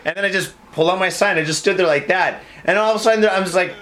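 A man co-hosting a podcast, laid-back and swearing, telling animated stories in casual banter. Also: sits high, fast. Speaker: podcast co-host.

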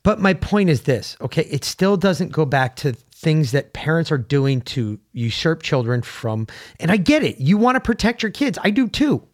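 Brief: male podcast co-host, blunt and emphatic, swears freely, slightly higher-pitched voice. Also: sing-song, moderate pace. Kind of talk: casual opinion chat.

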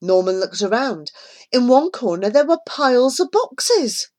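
A woman reading a children's story aloud in a measured, expressive way. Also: fairly high pitch. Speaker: narrator.

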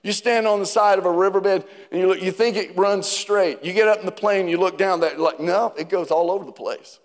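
A male pastor preaching a sermon, animated and at times near-shouting, asking the congregation questions. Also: high-pitched, a little fast. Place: church sanctuary. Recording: reverberant hall.

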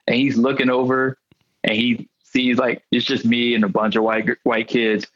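A male comedian guest telling comic stories in an animated way, acting out the voices of the people in them. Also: medium pitch, moderate pace, no echo, muffled recording. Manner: animated, acts out quoted voices. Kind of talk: comic storytelling.

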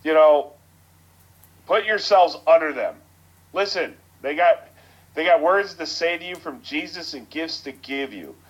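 A man's voice: a little high, measured pace, muffled recording. A man co-hosting a podcast, talking earnestly and plainly in casual chat.

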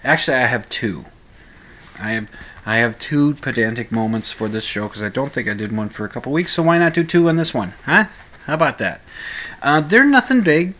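A man's voice: medium pitch, expressive, fairly quick, bright, forceful tone. A middle-aged man from Minnesota with a Minnesota accent, hosting a solo radio talk show in a rambling, casual way. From Minnesota, USA. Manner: rambling, many fillers and restarts.

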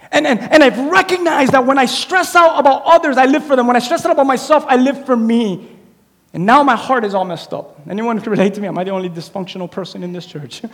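A pastor preaching a sermon in a church, swinging between quiet, intimate lines and loud, animated appeals. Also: male voice, very high voice, fairly quick, long reverb tail. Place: church sanctuary.

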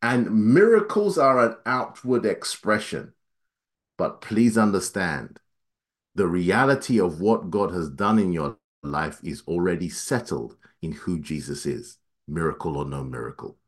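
A man preaching a sermon, his voice climbing for emphasis and then dropping low and quiet, reading scripture at a quick clip. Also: animated. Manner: dynamic preaching, voice rising high then dropping low and soft.

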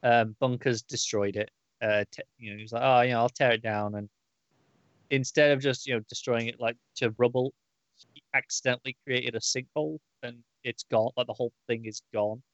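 A man's voice: medium pitch, steady tone, brisk, no echo. A man casually recapping a comic book issue on a podcast, rambling with lots of fillers and restarts. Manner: rambling, many fillers, acts out quoted lines. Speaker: podcast co-host. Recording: dull, dry, lo-fi audio.

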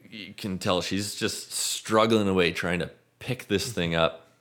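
A man with a fairly low voice acts as game master for a tabletop game. He narrates the scene in a relaxed, unhurried way, with frequent small restarts. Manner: relaxed, halting descriptions with repeated words.

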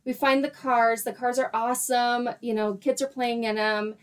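A woman in her thirties, animated, laughing often as she tells a story in casual chat and acts out her own quoted lines. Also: on the high side, moderate pace, clean tone. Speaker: guest storyteller.

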